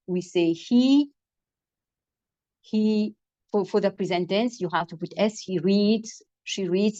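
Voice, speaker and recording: A woman's voice: mid-range voice, darkish tone, dry recording. A woman teacher with a Mauritian accent, explaining thoughtfully in an interview with many restarts. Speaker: English teacher. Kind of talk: video call interview answer. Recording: dry, muffled video call audio.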